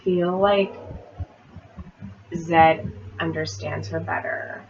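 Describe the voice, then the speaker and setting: A woman chatting casually while reviewing a TV episode, with frequent throat clearing and filler words. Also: low-pitched, fairly even intonation, very slow, darkish tone. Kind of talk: casual chat. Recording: dull lo-fi home recording with faint noise.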